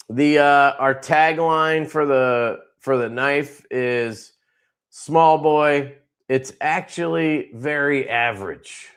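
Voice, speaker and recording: A man's voice: medium pitch, clear, resonant tone. A man hosting a casual livestream from his knife company, showing products in a laid-back, rambling way with crude jokes.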